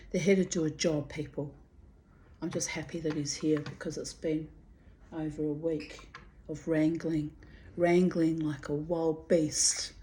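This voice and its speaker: A woman's voice: low voice, a little hiss or hum, low-quality recording. Chatty woman reading old diaries. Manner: animated, laughing, digressive storyteller. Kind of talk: diary reading with chatty asides.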